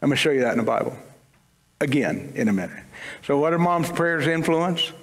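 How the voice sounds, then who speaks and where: A man's voice: fairly high pitch, expressive, brisk. A man preaching a sermon to his congregation, casual and conversational, with humorous asides. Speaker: pastor. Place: church sanctuary. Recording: long church-hall reverb.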